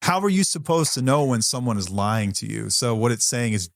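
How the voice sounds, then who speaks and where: A man's voice: mid-range voice, expressive, brisk, creaky, dry recording, clean studio sound. A man co-hosting a podcast who talks in a candid, blunt, conversational way with some mild swearing. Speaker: podcast co-host.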